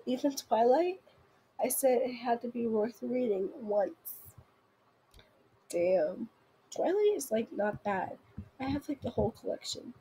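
Breathy high-voiced young woman reading texts. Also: dark tone, low-quality recording. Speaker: video host. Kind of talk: reading funny texts aloud.

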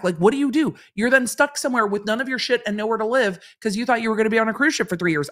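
A woman's voice: on the high side, quick pace, hardly any pauses. A woman in her forties from Los Angeles hosting a casual livestream, chatting and reading viewer comments, often repeating phrases for effect. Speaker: host and lawyer commentator.

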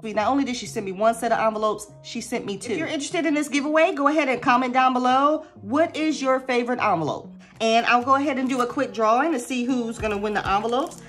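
A woman's voice: fairly high pitch, quick pace, a bit bright, soft background music. A woman, chatting casually to camera about budgeting and calling her viewers y'all. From United States. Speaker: budgeting vlogger.

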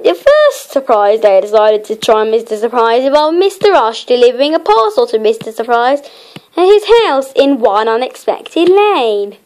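A woman narrating her own homemade children's story in a gentle storytelling manner. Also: a little high, big pitch swings. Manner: gentle, slow storytelling with small laughs.

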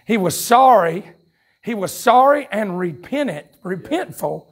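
A man with a Southern US accent preaching a revival sermon in a church, shouting his lines in a fiery way, with folksy turns of phrase, quick asides and chuckles. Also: high voice, big pitch swings. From North Carolina, USA. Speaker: pastor. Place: church sanctuary at a campmeeting. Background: congregation calling out responses.

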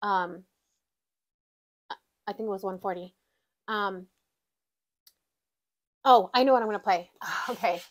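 A woman vlogging at home, counting cash out loud and exclaiming often, calling her viewers "y'all". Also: mid-range voice, measured pace, long pauses. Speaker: budgeting vlogger. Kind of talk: casual chat while counting cash.

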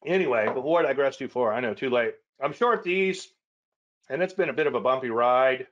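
A man's voice: medium pitch, a little fast, muffled recording, slight background noise. A man hosting a weekly trading show, chatting casually and rambling through charts with self-deprecating asides. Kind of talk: casual webinar chat.

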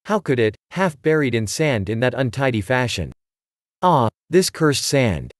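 Fastidious complaining detective, read by a man, mid-pitched, formal phrasing, dry close sound. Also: sing-song, dry recording. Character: fussy, fastidious middle-aged male detective.

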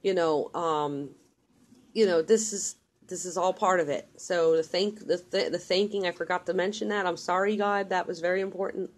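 A woman's voice: on the low side, fairly even intonation, normal speed. A woman giving casual, earnest religious advice in a vlog, repeating herself insistently and rambling with restarts. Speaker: mother.

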